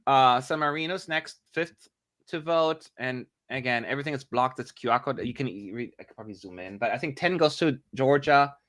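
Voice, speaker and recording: A man co-hosting a live watch-along stream, chatting excitably and grumbling aloud as he tracks what is on screen. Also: medium pitch, brisk, no echo, studio quality. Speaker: livestream co-host.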